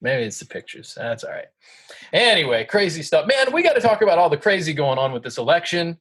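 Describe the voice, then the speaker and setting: A man's voice: fairly high pitch, sing-song, a little fast, fairly bright tone, breathy edge. A man co-hosting a podcast in casual chat, upbeat and enthusiastic. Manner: upbeat, enthusiastic, laughs often. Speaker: podcast co-host.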